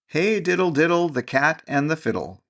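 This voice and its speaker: A man's voice: a little high, sing-song, normal speed, fairly bright tone, pitched above the performer's own voice. A man voicing a hungry, sulky male cat with plaintive mewing, lifting his voice well above his own.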